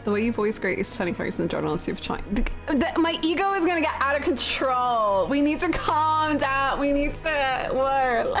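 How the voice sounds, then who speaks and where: Giggly, animated British woman streamer. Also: high-pitched, fairly quick, hardly any pauses, soft background music. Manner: giggly, bashful and animated, talks in bursts. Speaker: livestream host. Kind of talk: casual game stream chat, reading viewer comments.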